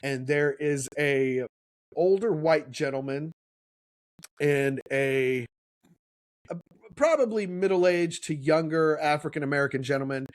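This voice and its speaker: A man's voice: fairly high pitch, measured pace, long pauses, no echo. A middle-aged man, a podcast co-host, telling a story in casual chat and acting out the voices he quotes.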